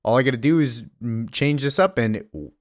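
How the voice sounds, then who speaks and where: A man's voice: mid-range voice, brisk, dry recording, clean studio sound, natural voice. A man voicing Iron Man as an eager, boastful inventor in a comic retelling. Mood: smug.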